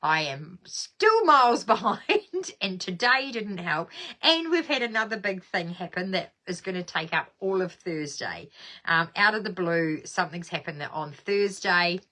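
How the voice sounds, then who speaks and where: A woman's voice: on the low side, big pitch swings, measured pace, bright, forceful tone. Bubbly New woman on a live stream. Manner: bubbly, chatty, reads viewer comments aloud and laughs often. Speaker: craft demonstrator hosting a live stream. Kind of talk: casual live stream chat.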